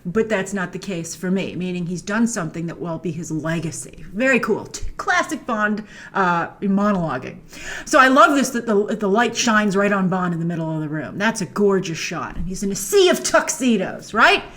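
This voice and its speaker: A woman's voice: medium pitch, big pitch swings, normal speed, a bit bright. A woman hosting a trailer breakdown, talking casually and playfully with lots of asides as she thinks aloud. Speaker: film trailer reviewer and show host. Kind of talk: casual chatty commentary over a trailer.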